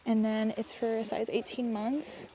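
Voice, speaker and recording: A woman's voice: on the high side, flat delivery, measured pace, warm tone. Chatty upbeat woman vlogger. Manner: chatty and upbeat, explaining finds. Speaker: thrift reseller vlogger. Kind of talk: casual vlog chat.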